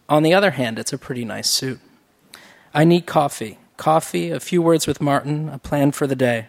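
A man narrating a first-person novel in a measured, wry, reflective reading. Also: fairly high pitch, creaky. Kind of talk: audiobook narration.

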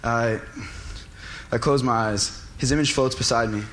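A man doing a staged script reading as a timid teenage schoolboy who speaks in hesitant, halting bursts. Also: mid-range voice, fairly even intonation, fairly bright tone, lightly acted. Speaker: intern reading a part. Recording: echoey hall, faint noise.

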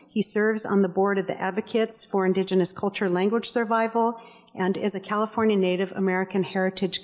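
A woman's voice: mid-range voice, a little mellow. Woman introducing speakers in a reverberant hall. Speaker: event host and co-curator. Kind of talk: reading speaker introductions at a public event. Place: aquarium event hall.

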